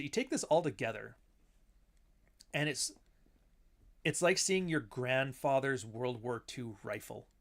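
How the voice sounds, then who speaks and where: A man in casual film commentary, rambling from one thought to the next. His voice sits at an ordinary middle pitch. He swears freely and slips into quoted lines as he goes. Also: a bit bright. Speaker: author and host.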